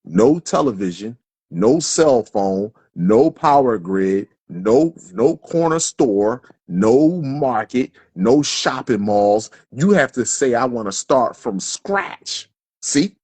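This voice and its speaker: A man with a rough, husky voice, talking into his phone on a live stream. He preaches in a heated, profane rant, swearing constantly, at a middle pitch. The sound is dry and close. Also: animated, slow pace, warm tone, no echo. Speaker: livestream speaker.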